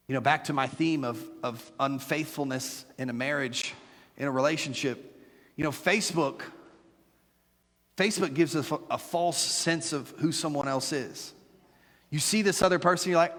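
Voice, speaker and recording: A middle-aged man preaching a sermon as pastor, animated and joking with playful asides to his congregation. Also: fairly high pitch, measured pace, long reverb tail. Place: church sanctuary.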